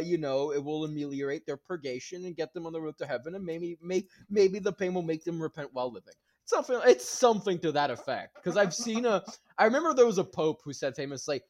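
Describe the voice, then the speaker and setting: A man chatting as a podcast guest, animated and profane, often breaking into laughter. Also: fairly high pitch. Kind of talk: casual chat.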